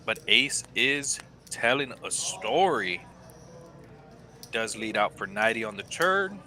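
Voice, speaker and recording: A man calling a live poker game, giving measured, analytical play-by-play. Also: on the low side, expressive, bright, forceful tone. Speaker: poker commentator.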